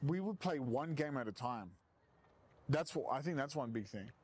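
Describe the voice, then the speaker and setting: Lively man reminiscing. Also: medium pitch, moderate pace, slight background noise. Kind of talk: casual chat.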